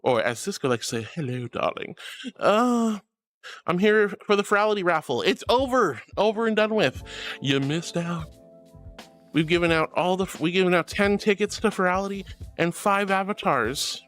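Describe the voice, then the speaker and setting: A woman streaming as a VTuber, casually reading chat with bubbly, affectionate warmth, calling viewers sweetie and honey. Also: expressive, normal speed, soft background music. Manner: playful, swings between squeaky highs and low mutters.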